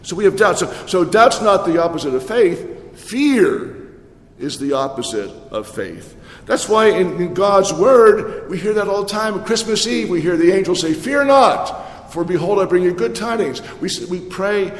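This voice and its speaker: A man with a high-pitched voice delivers a sermon to his congregation, speaking in a conversational way and telling stories with animation. His voice carries a long, echoey reverb from a large church hall. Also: animated, moderate pace. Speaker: pastor.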